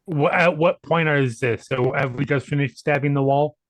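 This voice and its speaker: A man playing a tabletop game, asking careful, deliberate questions. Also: fairly high pitch, no echo. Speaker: player. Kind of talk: casual tabletop game chat.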